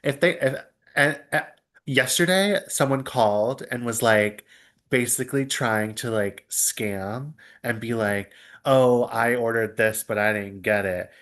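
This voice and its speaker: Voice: medium pitch, a little slow, a bit bright. Blunt speaker in casual chat. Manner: blunt, recounts exchanges with attitude.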